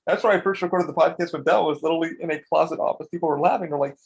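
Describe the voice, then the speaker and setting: A man with a gravelly, husky voice, talking in a loose, rambling way and swearing as he goes. His voice sits a little above the usual pitch for a man. It is relaxed podcast chat. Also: racing. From Florida. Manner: rambling storyteller, swears freely. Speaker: podcast co-host. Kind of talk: casual chat.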